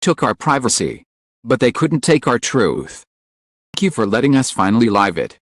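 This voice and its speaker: A man voicing a quiet young male star with a soft, hushed delivery. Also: mid-range voice, big pitch swings, moderate pace, no room sound, clean studio sound.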